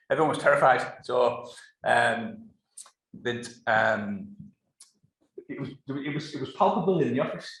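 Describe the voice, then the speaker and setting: Rambling man giving a talk in an echoey room. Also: medium pitch. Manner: rambling, with many fillers and restarts. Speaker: conference speaker. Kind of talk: live talk to an audience.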